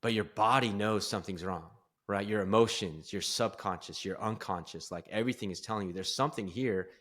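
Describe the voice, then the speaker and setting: Male podcast guest, candid storyteller, slightly low and bright-toned, earnest and self-mocking. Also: fairly quick. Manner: earnest, openly vulnerable, laughs at himself. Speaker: podcast guest, performance coach.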